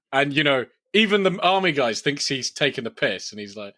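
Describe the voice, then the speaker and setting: A man's voice: medium pitch, lively intonation, brisk, few pauses, bright, forceful tone, no room sound, clean studio sound. A man co-hosting a film podcast, talking loosely with lots of fillers and swearing. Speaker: podcast co-host. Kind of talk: casual film discussion.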